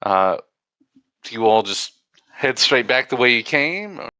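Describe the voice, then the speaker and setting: A man serves as game master, narrating scenes in a halting, stop-and-start way. His voice is bright and forward, recorded close and dry with almost no room sound. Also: medium pitch, sing-song, clear, resonant tone, dry recording.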